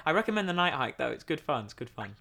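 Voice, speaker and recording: A man's voice: on the high side, fast talker, creaky, background noise. Young guy on a podcast, voice jumps all over, swears and laughs while telling stories. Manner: animated storyteller, swears casually, laughs a lot. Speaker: podcast co-host. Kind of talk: casual chat.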